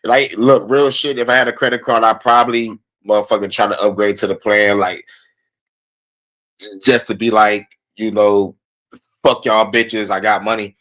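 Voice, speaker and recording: Young male streamer, casual and cussing, animated frustrated rant. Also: normal speed. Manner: profane, animated, frustrated venting with swings in pitch and loudness. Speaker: podcast host.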